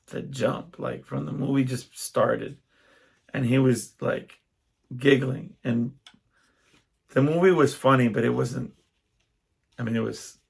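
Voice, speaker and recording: A young man talks through a loose solo podcast monologue in a heavily gravelly, husky voice. He wanders from story to story and keeps cutting himself off to start again. His pitch sits in a plain middle range. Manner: rambling, self-interrupting storyteller. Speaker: podcast host.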